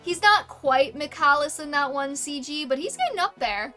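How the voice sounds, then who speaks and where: A woman's voice: sits high, lively intonation, moderate pace, pushed and bright, faint music behind. A young woman streamer giving casual, crude and sarcastic gameplay commentary.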